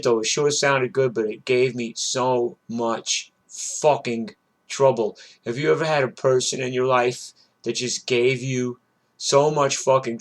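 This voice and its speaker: Ranting profane middle-aged man. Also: medium pitch. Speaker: gigging guitarist and show host. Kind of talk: rambling profane rant.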